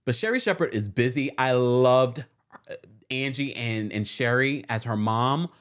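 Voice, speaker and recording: A male host talking through a TV recap in a chatty, opinionated way. His pitch jumps around a lot, and he sounds playful and easy. He laughs often as he talks. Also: lively intonation, measured pace, smooth. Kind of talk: casual pop culture recap.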